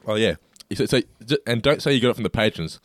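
Man, low voice, casual snack tasting, enthusiastic, dry recording. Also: animated, fast, no room sound. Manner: enthusiastic, describes food while chewing. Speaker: co-host. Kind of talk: casual snack taste-test chat.

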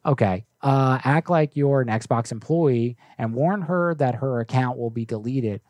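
A man's voice: mid-range voice, a little slow, a little mellow, no echo. Young man, streamer host, casual, joking, swears, dry sound. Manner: joking, profane, offhand. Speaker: prank call streamer host. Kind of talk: casual livestream chat.

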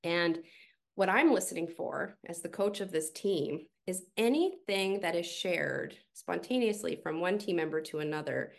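A middle-aged woman speaks as a podcast guest, relaxed and conversational. Her voice sits a little low and has a gravelly edge. She tells stories in an animated way and drops in casual fillers as she goes. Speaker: podcast guest, team coach.

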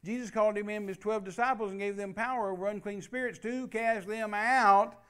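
A man's voice: high voice, steady tone, brisk, fairly bright tone, clear, resonant tone. A man preaching a sermon, emphatic and repetitive, spelling out key words letter by letter.

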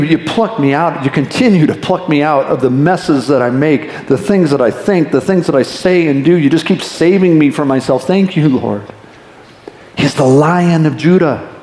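A man preaching a sermon as pastor, talking to the congregation in a conversational, lively way with quick asides. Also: a little high. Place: church sanctuary. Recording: echoey church hall reverb.

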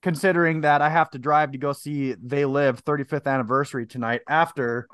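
A man's voice: on the high side, steady tone, a little fast, a bit bright, smooth, no room sound, clean studio sound. A man co-hosting a podcast, chatting casually, joking and rambling as he reads drink labels aloud. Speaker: podcast co-host. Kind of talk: casual chat.

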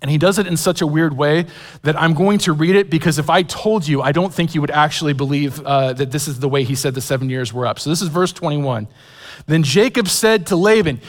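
A man's voice: a little high, brisk, in a large hall. A man in his forties preaching a sermon, telling stories with self-deprecating humor, many fillers and restarts. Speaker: pastor. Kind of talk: sermon with personal storytelling.

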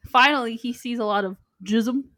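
Higher-voiced woman recapping a film. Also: moderate pace. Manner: relaxed, frequent filler "like". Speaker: podcast co-host, recapping the film.

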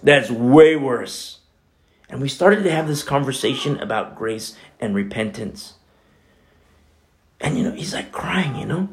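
Male pastor, conversational sermon, earnest and chatty, moves between hushed and emphatic delivery. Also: mid-range voice, animated, normal speed, slight background noise. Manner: earnest, chatty, frequent "you know" asides.

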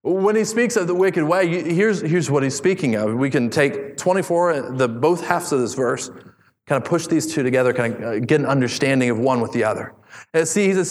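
A man preaching a sermon, animated, reading scripture aloud and acting out voices. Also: mid-range voice, moderate pace. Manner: animated preaching, acts out David's voice. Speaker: pastor. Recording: long hall reverb.

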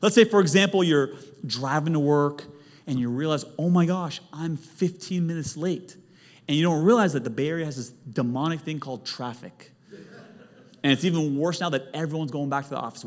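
A male pastor delivering a lively sermon, swinging from quiet, intimate stretches to loud, emphatic peaks. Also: a little high, fast talker. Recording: long hall reverb, faint music.

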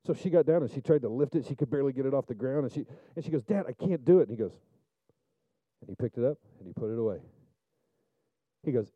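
A male pastor preaching a sermon, telling stories and building up to loud, fervent peaks. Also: mid-range voice, expressive, fast talker, dry recording, dull audio. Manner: storytelling preacher, rises to loud fervent climaxes.

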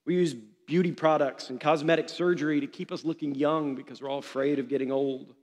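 A man preaching a sermon to his congregation, passionate and building to shouted refrains. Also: fairly high pitch, steady tone, brisk. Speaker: pastor. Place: church hall. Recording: long hall reverb.

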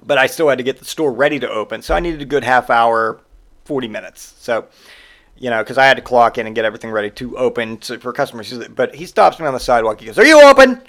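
A man's voice: medium pitch, fast talker, fairly bright tone. A man hosting a podcast and telling stories in a casual monologue, exasperated and sarcastic, and he swears freely. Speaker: podcast host.

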